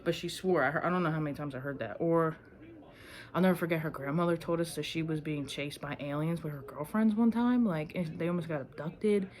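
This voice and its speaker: A young woman talks straight to camera in a loose, rambling storytelling vlog. She swears freely and jumps between memories with a lot of fillers, in an unhurried, chatty flow. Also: low-pitched. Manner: rambling, profane, animated storytelling. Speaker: vlogger.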